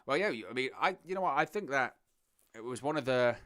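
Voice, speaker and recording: A man's voice: mid-range voice, lively intonation, fairly quick, a bit bright. A man hosting a live watch-along stream, chatting casually, thinking aloud and talking to his viewers. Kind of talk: live watch-along commentary, reading chat.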